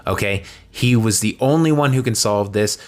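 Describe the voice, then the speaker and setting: A man recapping political news with sarcastic, deadpan asides. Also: fairly low pitch, moderate pace. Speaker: political commentary creator.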